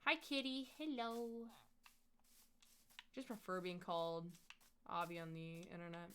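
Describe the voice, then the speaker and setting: A woman's voice: lowish voice, fairly even intonation, unhurried, a bit bright, slight background noise. A young woman from the US Midwest chatting casually on a gaming live stream, rambling through stories and talking to game animals as she plays.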